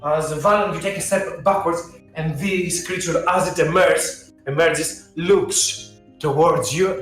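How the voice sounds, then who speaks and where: A man narrating as game master of a tabletop game, slow and halting with fillers. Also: on the high side, fairly even intonation, fairly bright tone, soft background music. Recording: very echoey room.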